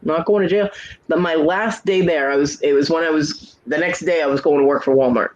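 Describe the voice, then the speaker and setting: A woman's voice: sits low, a little fast, darkish tone, muffled recording. A woman in her forties hosting a casual chat, telling stories in a loose, chatty way and acting out the back-and-forth of conversations. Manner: chatty storyteller who acts out quoted exchanges. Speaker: host.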